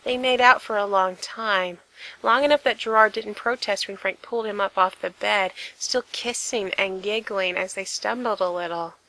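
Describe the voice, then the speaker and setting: Woman reading a story out loud, bright voice, slow and intimate. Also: mid-range voice, low-quality recording. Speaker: narrator. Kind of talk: reading fan fiction aloud.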